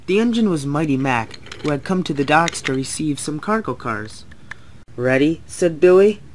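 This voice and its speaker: A man's voice: a little high, big pitch swings, normal speed, a little hiss or hum. A young man narrating a homemade toy train story, voicing every engine himself with light voice changes. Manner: reads every character in lightly shifted voices.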